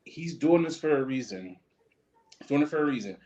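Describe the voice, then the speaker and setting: A man co-hosting a podcast in casual comedic chat, animated and slangy, laughing often, on slightly dull lo-fi audio. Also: mid-range voice, a little fast, over a noisy crowd. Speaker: podcast co-host.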